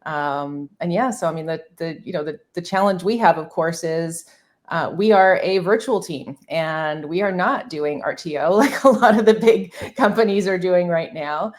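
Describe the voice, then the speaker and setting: A woman's voice: lowish voice, moderate pace. A woman in her fifties talking candidly as a podcast guest, chatty with many fillers and restarts. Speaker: podcast guest, marketing agency founder. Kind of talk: conversational interview.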